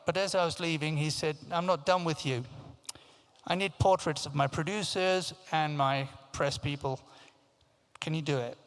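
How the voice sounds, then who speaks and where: A man in his fifties tells his life story at a conference, animated and anecdotal, slipping into the voices of the people he quotes. His voice sits a little high. The sound carries a long reverb from a large hall. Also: normal speed, clear, resonant tone. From Africa, raised in England. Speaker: keynote speaker. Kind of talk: storytelling talk.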